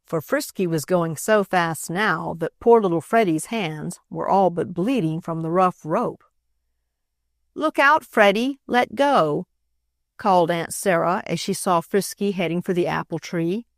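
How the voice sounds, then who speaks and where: A woman narrating a classic children's storybook in a steady, clear reading voice. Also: lowish voice, normal speed, hardly any pauses, no echo, clean studio sound. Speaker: audiobook narrator.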